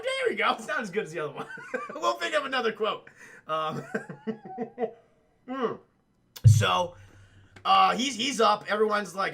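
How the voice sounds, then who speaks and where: High, gravelly man recapping a film. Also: moderate pace, long pauses. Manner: profane, animated, addresses chat. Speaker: streamer and film reviewer. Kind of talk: casual film recap livestream.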